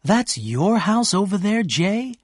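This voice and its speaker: A man voicing an excitable young rich woman who gushes breathlessly, in an audiobook reading. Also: on the high side, unhurried, no echo, clean studio sound. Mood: excited.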